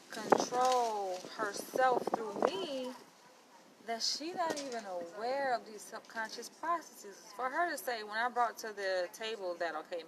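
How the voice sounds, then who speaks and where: A woman's voice: medium pitch, low-quality recording. A woman in training as a psychologist, talking bluntly in a casual vlog and acting out conversations as she tells them. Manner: blunt, animated, quotes people in dialogue. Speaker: vlogger.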